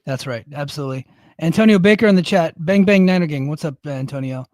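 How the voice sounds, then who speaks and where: Male co-host, easygoing chat, slightly high voice, dry close sound. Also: fast talker, a little mellow, dry recording. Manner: easygoing, reads out chat names. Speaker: podcast co-host; Air Force service member in leadership. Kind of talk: casual chat.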